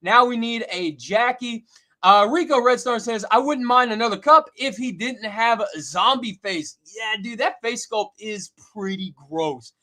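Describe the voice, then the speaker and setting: A man hosting a casual live stream, reading out viewer comments in an excitable way, laughing often and filling pauses with "uh". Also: very high-pitched. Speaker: host reading viewer chat.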